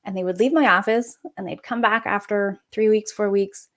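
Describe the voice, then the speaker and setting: Woman in her forties telling a lively story. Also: medium pitch, normal speed. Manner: lively, conversational, acts out quoted people. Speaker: podcast guest, naturopathic doctor. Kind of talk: personal storytelling in a podcast interview.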